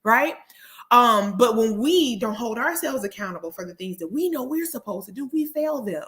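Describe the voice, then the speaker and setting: A woman's voice: fairly high pitch, lively intonation, normal speed, a bit bright. A woman hosting a motivational talk show, speaking earnestly and repeating key phrases for emphasis. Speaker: host; therapist and speaker.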